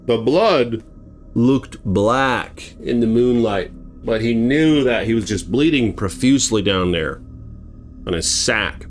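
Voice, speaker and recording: A man's voice: mid-range voice, lively intonation, unhurried, faint music behind. A man telling a horror story in a casual, rambling way, full of fillers and restarts.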